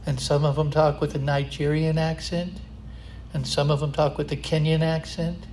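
A man preaching a sermon, impassioned and building to loud, emphatic climaxes. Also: a little high, little pitch movement, normal speed, slight background noise.

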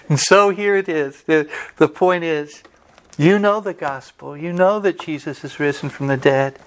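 A man preaching a sermon, his voice sitting a little higher than most men's. He tells homespun stories and acts out the lines of the people in them. He closes by leading a prayer. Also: a little slow. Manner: folksy storytelling with quoted dialogue. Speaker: pastor.

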